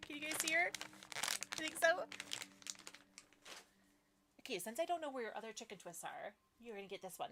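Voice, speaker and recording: A woman's voice: high voice, sing-song, fairly quick, pauses often, background noise. A woman streaming casually, chatting and giggling while she sorts seeds and talks sweetly to her dog. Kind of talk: casual live-stream chat.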